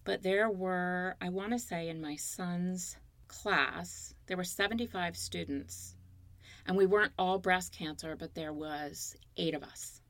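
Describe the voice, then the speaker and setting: A woman in her fifties speaks as an interview guest, her low voice carrying a gravelly edge. She tells her story earnestly and openly, close to a dry-sounding mic. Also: unhurried, no room sound. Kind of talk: candid interview conversation.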